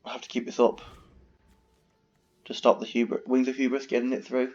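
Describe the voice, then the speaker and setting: Playing a card game for his video, a man mutters and curses through casual commentary, breaking into exasperated rants when things go wrong. He speaks a little fast in a level, somewhat mellow mid-range voice, and the recording is dull and lo-fi.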